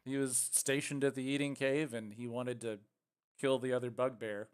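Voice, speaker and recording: A man narrating a tabletop game as dungeon master, casual and halting with many fillers. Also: medium pitch, steady tone, smooth.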